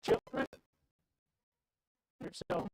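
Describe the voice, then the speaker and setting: A man's voice: takes it slowly, music in the background, poor audio. A man preaching a sermon in a church, with an emphatic, repetitive cadence. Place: church sanctuary.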